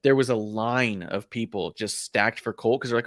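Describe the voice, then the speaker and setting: A man co-hosting a casual wrestling podcast, telling stories in an animated way and acting out the voices of people he quotes. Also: lowish voice, moderate pace, no room sound, clean studio sound. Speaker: podcast co-host. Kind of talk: casual chat.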